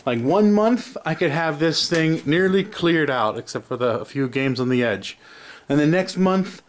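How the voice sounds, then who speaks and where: Filming a laid-back repair video on arcade machines from his messy home garage, a man speaks in an expressive, fairly high voice without hurrying. He chuckles often and wanders into self-interrupting tangents.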